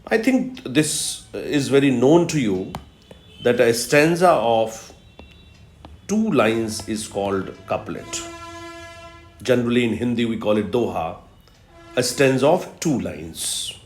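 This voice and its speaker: Male professor, unhurried lecture, repeats key terms, echoey room. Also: medium pitch, sing-song, faint music behind. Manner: explains step by step, repeats key terms, frequent "uh" fillers. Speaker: professor of literature. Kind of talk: recorded video lecture. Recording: roomy echo.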